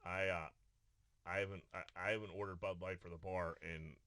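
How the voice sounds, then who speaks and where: A man's voice: low-pitched, steady tone, normal speed, pushed and bright, no echo. A man co-hosting a podcast, telling a profane story with lots of restarts and acted-out quotes. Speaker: podcast co-host. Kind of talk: casual chat. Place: podcast studio.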